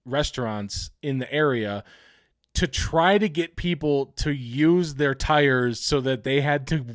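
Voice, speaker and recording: A man's voice: mid-range voice, takes it slowly, no echo, studio quality. A young man co-hosting a podcast, chatting loosely with lots of fillers and frequent laughs. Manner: laughs often, loose rambling storytelling with many fillers. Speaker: podcast co-host. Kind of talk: casual chat.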